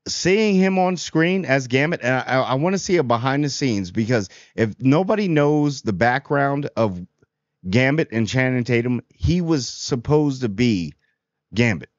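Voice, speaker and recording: A man's voice: medium pitch, animated, unhurried, no room sound. A man giving a casual, rambling movie review in a chatty, amused way. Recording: dry, slightly dull audio.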